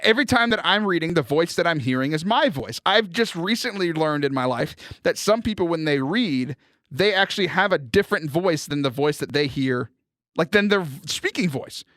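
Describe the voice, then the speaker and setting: A man from Houston, hosting a podcast and chatting casually with animated storytelling and frequent laughter. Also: a little high, moderate pace, no room sound, clean studio sound. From Houston, Texas. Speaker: podcast host. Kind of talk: casual chat.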